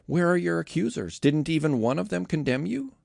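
A man reading Jesus, an earnest calm teacher. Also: fairly high pitch, brisk, creaky, no echo, studio quality, pitched above the performer's own voice, exaggerated voice.

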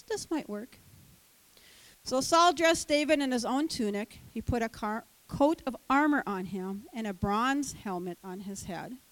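High-voiced older woman preaching slowly. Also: dry recording, rough recording. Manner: animated, acts out voices of the story's characters. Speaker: Sunday school teacher. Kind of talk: sermon.

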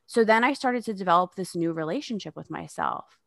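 A woman's voice: medium pitch, animated, fairly quick, creaky, a bit bright, dry recording, clean studio sound. A woman in her thirties, a podcast guest, talking candidly in a frank, sarcastic way and swearing freely. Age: 30s.

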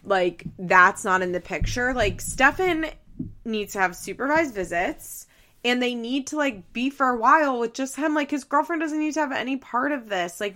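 A woman's voice: fairly high pitch, fairly bright tone. A woman hosting a podcast, recapping a reality show in casual chat, laughing often and acting out the quoted lines. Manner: chatty, laughing, acts out quotes. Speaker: podcast host.

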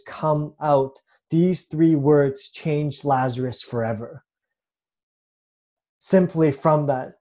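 A man's voice: a little high, dark tone. A man preaching a sermon in an earnest way, often restarting with repeated words. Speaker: pastor.

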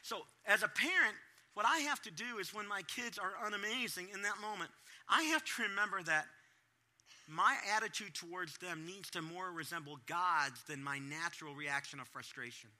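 A middle-aged male pastor giving a sermon to parents, animated and acting out his own reactions in different voices. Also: high-pitched, normal speed.

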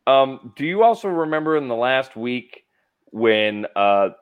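A man's voice: medium pitch, big pitch swings, unhurried, clear, resonant tone, narrow, tinny audio. Profane, rambling young man hosting a podcast. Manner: profane, rambling, laughs often. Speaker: podcast host. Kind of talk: casual comedic chat.

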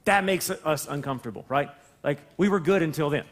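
A man's voice: a little high, brisk. A man pastor preaching a sermon in a conversational, self-deprecating way, acting out little dialogues and laughing at himself. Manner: acts out voices of people and God in dialogue.

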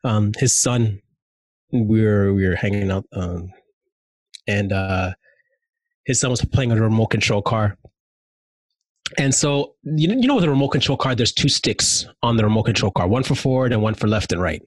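A man telling stories in casual chat, animated and slangy, with many fillers. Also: on the low side, moderate pace, pauses often, no echo.

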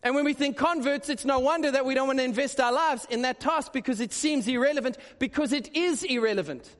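A male pastor giving a conversational, animated sermon with quick asides. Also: extremely high pitch. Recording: long hall reverb.

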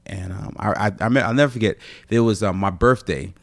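A man's voice: sits low, a little fast, creaky, hardly any pauses, dry recording. A man who is a comedian guest, telling stories in casual podcast chat, rambling with many fillers.

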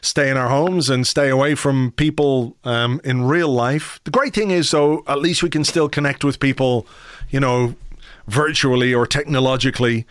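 A man's voice: medium pitch, normal speed, no room sound. Chatty man, dry close mic. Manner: chatty, many fillers. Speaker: podcast host. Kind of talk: casual chat.

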